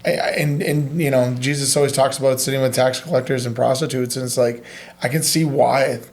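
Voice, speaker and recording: A man hosts a casual interview in an easygoing way. He agrees often and comes back to his thoughts with halting restarts. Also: medium pitch, steady tone. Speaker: podcast host.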